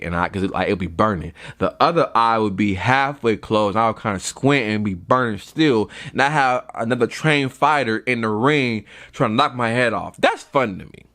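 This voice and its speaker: A young man hosting a podcast, delivering a comedic rant and sounding a little tired. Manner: animated, swings into high mocking voices. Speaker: podcast host.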